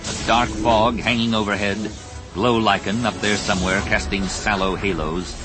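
A man narrating an audiobook in an expressive, measured storytelling voice, with music underneath. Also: lowish voice. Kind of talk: scripted narration.

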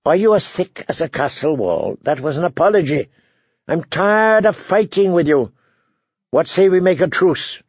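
A man voicing a proud, bitter, maimed male knight who talks in a sardonic, mocking way with a gravelly voice. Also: fairly high pitch, animated, moderate pace, dry recording, pitched above the performer's own voice. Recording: dull dry lo-fi recording.

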